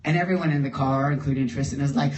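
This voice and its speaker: A man's voice: mid-range voice, quick pace, dull audio, crowd noise. Guy telling a story live, laughing a lot and doing everyone's lines, echoey room, audience all around. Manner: animated, laughing often, acting out other people's lines. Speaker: guest storyteller. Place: live event in a store before an audience. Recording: roomy live room, distant mic, audible audience.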